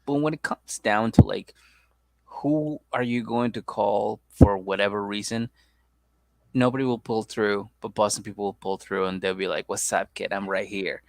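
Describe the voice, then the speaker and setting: A man's voice: lowish voice, normal speed, vocal fry, no room sound. A young man co-hosting a comedy podcast, laid back and chatty, often saying "dude" and doing playful impressions. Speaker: podcast co-host. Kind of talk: casual comedic chat.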